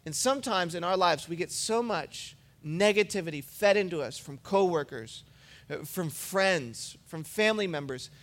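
A high-pitched male pastor delivers a sermon from the pulpit at a moderate pace, keeping it relaxed and conversational while working personal stories into his points.

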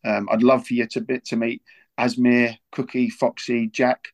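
A man speaking in an earnest, unhurried way about his football club, stumbling over and repeating words. His voice is gravelly with a flat, level delivery that barely rises or falls. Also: mid-range voice. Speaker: football club figure as guest. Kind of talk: casual podcast talk.

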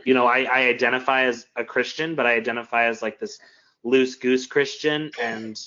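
A man of medium pitch talks openly and earnestly, circling back through his thoughts with frequent fillers. The recording is slightly dull and lo-fi. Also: steady tone, normal speed, bright, forceful tone. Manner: open, earnest, rambling with many fillers. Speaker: mentor and teacher. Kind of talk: casual conversation.

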